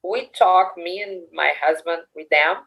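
A Brazilian woman in her forties speaking English with a Brazilian Portuguese accent, telling family stories in a casual interview, lively and quick to laugh. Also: on the low side, vocal fry, breathy edge, rough recording. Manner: animated, laughs often, acts out family dialogue.

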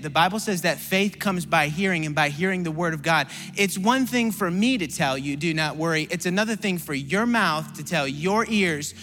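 A man preaching a sermon as pastor. He repeats phrases and calls on the congregation to answer back, swinging from rising, shouted appeals to quiet storytelling. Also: on the high side, moderate pace, few pauses, a little hiss or hum. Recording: long hall reverb.

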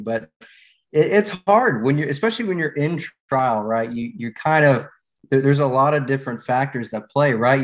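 A middle-aged man, a former managing partner of a law firm, telling stories in a podcast interview with easy laughs and repeated restarts. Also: mid-range voice. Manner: relaxed storyteller, laughs and repeats words.

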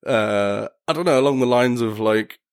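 A man's voice: mid-range voice, moderate pace, clear, resonant tone. A young man chatting casually as a podcast guest, telling rambling stories with frequent laughs and lots of "like". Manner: rambling, laughs often, heavy use of "like". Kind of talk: casual storytelling chat.

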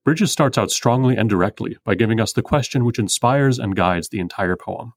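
A man hosting a poetry podcast, explaining meter in a measured, precise, scripted way. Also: lowish voice, dry recording, studio quality.

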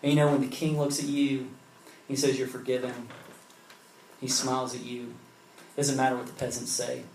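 A man preaching a sermon in a relaxed, conversational way, telling a story with many casual fillers. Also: mid-range voice, brisk, gravelly, reverberant, a little hiss or hum, rough recording. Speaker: pastor.

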